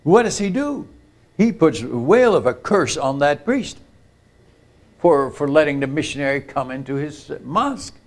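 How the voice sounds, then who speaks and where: A man's voice: on the high side, moderate pace. Older man telling a sermon story. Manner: animated storytelling, acts out quoted voices, frequent asides to the audience. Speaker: missionary speaker. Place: retreat camp meeting.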